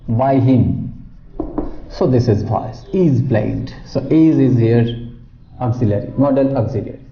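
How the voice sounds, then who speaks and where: Slow, echoey grammar teacher. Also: male voice, on the high side, highs cut off, slight background noise. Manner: repeats each example slowly, switching into Bengali to explain. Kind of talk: slow classroom-style grammar lesson. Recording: roomy echo with music behind. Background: new-age music.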